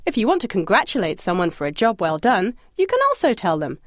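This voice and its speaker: A woman narrating a scripted audio language lesson, encouraging and lightly humorous, asking the listener to answer out loud. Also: mid-range voice, very animated, quick pace, no room sound, studio quality. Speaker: language course instructor.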